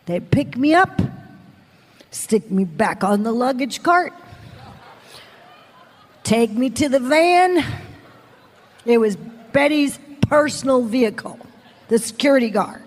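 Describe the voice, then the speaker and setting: A woman's voice: fairly high pitch, animated, slow, pauses often. A woman preaching a sermon as a personal testimony, telling her story dramatically and acting out the people she quotes. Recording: long hall reverb.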